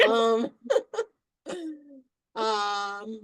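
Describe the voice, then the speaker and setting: A middle-aged woman, a podcast guest, telling family stories in a casual, animated way with frequent laughter. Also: medium pitch, normal speed, no room sound, low-quality recording. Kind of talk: casual storytelling.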